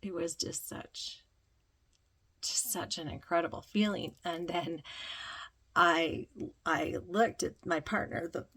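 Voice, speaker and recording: Slow, husky woman with vocal fry. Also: fairly low pitch, sharp tone. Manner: slow, dreamy, breathy with frequent ums and laughter. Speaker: spiritual vlogger. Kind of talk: reflective personal storytelling.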